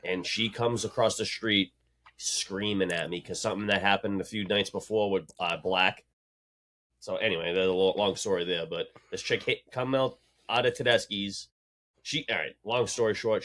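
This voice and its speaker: A man's voice: fairly low pitch, steady tone, normal speed, fairly bright tone. A man co-hosting a casual podcast, telling long rambling stories full of slang. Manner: rambling, slangy storytelling with "dude". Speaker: podcast co-host. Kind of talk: casual chat.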